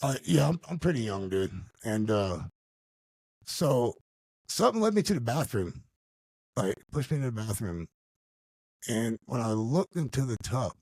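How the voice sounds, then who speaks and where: A man tells a personal story on a podcast in a loose, slangy way, throwing in dude and bro as he goes. His pitch sits in the middle range for a man. The recording is close and dry, with no room sound. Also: dry recording. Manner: animated, slangy, calls the listener dude and bro. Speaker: podcast guest. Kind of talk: casual storytelling.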